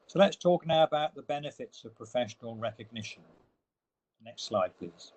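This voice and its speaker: A man's voice: medium pitch, animated, moderate pace, a little mellow, poor audio. A man giving a webinar slide presentation, explaining each step and leaning hard on the key words. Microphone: online webinar audio.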